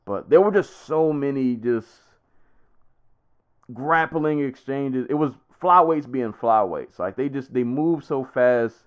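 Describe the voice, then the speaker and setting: A man's voice: mid-range voice, clear, resonant tone. A man co-hosting a podcast, chatting casually about a fight in a rambling, easygoing way with lots of fillers and restarts. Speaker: podcast co-host. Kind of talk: casual sports chat.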